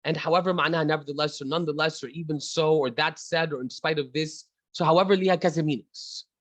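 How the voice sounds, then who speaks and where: A man's voice: on the high side, fairly even intonation, very fast, fairly bright tone, dry recording, rough recording. A man with an Egyptian accent teaching an online class. He switches between English and Arabic mid-sentence and calls on students by name. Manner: chatty, addresses students by name.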